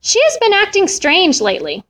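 A woman reading a storybook aloud and voicing a warm-hearted elderly immigrant widow with old-world phrasing and fond repetitions. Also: sits high, very animated, a little slow, full character voice. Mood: distraught.

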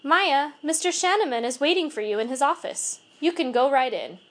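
A woman reading aloud, voicing a kind female school secretary who speaks gently. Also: sits high, expressive, normal speed. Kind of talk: storybook reading.

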